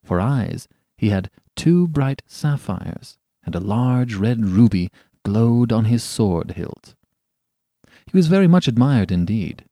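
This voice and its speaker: A man reads a classic story aloud in a measured, expressive way. His pitch moves a lot as he shapes each sentence. The sound is close and dry, with no room echo. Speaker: podcast narrator. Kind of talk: scripted storybook narration.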